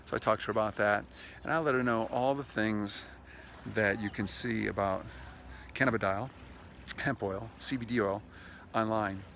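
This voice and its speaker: A man with a fairly low, creaky, slightly bright voice vlogs casually outdoors by a lakeshore where waves lap, with a little hiss or hum in the audio. Chatty and enthusiastic, he tells stories while giving sales tips and talks to his dog partway through this monologue.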